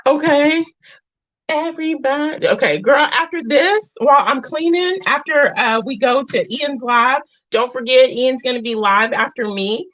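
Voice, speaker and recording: A middle-aged woman hosting a casual livestream, chatting warmly and affectionately with her viewers, calling them girl and mama. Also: sits high, unhurried, dry recording. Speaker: livestream host. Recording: dull lo-fi dry sound.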